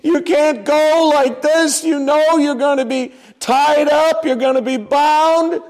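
A preacher acting out frantic, high-pitched pleading believers. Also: male voice, steady tone, takes it slowly, darkish tone. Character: distraught believers begging their teacher to stay.

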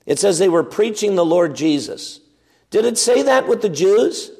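A man's voice: high-pitched, big pitch swings, normal speed, creaky, darkish tone, husky, big-room sound. A man preaching a sermon in a conversational teaching way, asking his listeners questions and often restarting with fillers and repeated words. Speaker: pastor.

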